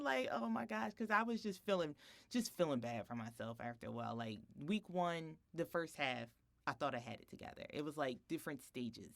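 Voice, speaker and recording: A woman in her thirties co-hosting a podcast, telling a personal story in a chatty, animated way with frequent laughter. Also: low-pitched, moderate pace, creaky. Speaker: podcast co-host. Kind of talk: casual podcast chat.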